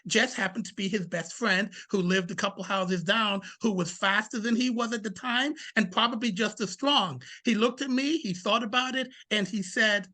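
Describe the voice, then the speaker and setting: A man presents to fathers with a bright, forceful voice. He stresses key points, repeats them for effect, and drifts into personal stories, now and then restarting a word. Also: sits high, moderate pace, hardly any pauses. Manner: emphatic, uses rhetorical questions and repeats key points; shifts into anecdotes, sometimes restarts words.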